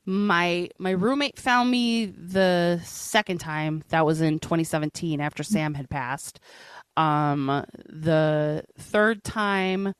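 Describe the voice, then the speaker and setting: A woman speaking as an interview guest, telling a personal story in a halting, earnest way with frequent restarts. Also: lowish voice, clean tone, no echo.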